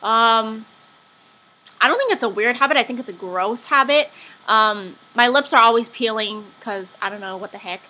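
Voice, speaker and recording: A young woman chats straight to camera in an offhand vlog, filling gaps with ums and little asides. Her voice is bright and a touch high. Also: normal speed. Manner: chatty, lots of fillers and asides. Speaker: vlogger. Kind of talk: casual chat.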